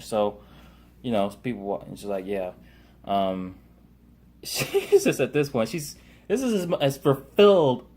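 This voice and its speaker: A man with a lowish, somewhat dark voice reviews a TV show, casually recapping an episode as he rambles with plenty of fillers and loosely paraphrased quotes.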